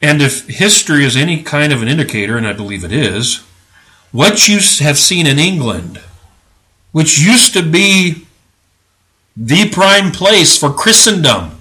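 A man's voice: on the high side, very animated, measured pace, bright, forceful tone. Sarcastic, preachy male podcast host. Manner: emphatic, indignant. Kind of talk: religious commentary podcast.

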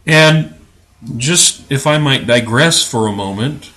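A male podcast host gives religious commentary in a bright, forceful voice at medium pitch and a slow pace. His tone is sarcastic and preachy, and he presses his points with indignant emphasis.

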